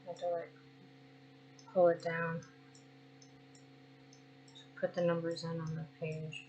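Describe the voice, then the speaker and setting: A woman's voice: on the low side, completely flat delivery, slow, darkish tone, slight background noise. A woman streaming a game, thinking aloud and reading the story out.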